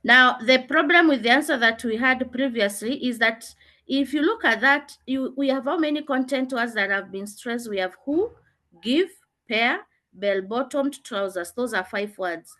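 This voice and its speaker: A woman's voice: fairly high pitch, moderate pace, pushed and bright. A woman teaching an online revision lesson, patiently repeating key points so students get them.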